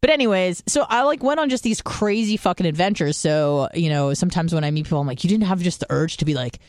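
A woman's voice: on the low side, animated, quick pace, a little mellow, no echo. A young American woman from San Diego, a podcast host telling stories in casual chat, swearing often and mimicking other people's voices. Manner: chatty storytelling, swears a lot, mimics voices.

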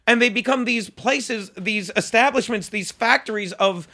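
A man, a comedian guest on a podcast, ranting in casual chat with a profane, animated manner. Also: sits high, normal speed.

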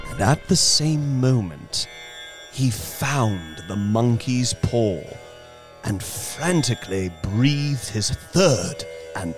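A man narrating a horror story in a slow, hushed, suspenseful dramatic reading. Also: mid-range voice.

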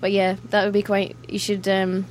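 A woman's voice: medium pitch, completely flat delivery, moderate pace, a little hiss or hum. A woman with a Scottish accent, a musician guest in a casual interview, chatty and self-deprecating, laughing often as she talks. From Scotland.

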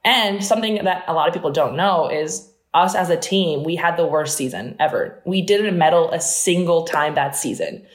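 Young woman, from New Jersey, fast-talking, animated storyteller, lowish voice, roomy echo. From New Jersey, USA. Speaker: Olympic fencer, interview guest. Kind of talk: casual storytelling interview.

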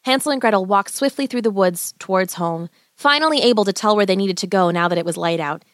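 A woman narrating a fairy tale as a bedtime story, in an expressive, gentle, animated way. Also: mid-range voice, fast, no room sound, studio quality.

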